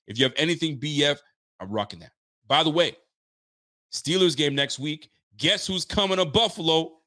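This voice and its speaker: A man's voice: medium pitch, a bit bright. A man from Nova Scotia casually chatting on his livestream, hyped and loose, repeating himself as he talks to viewers. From Nova Scotia, Canada. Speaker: sports fan streamer.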